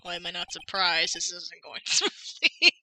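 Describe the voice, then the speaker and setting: Animated woman streamer with a bright voice. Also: fairly low pitch, measured pace, poor audio. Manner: playful, animated. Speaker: streamer, host. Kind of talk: casual chat while voice-acting a game.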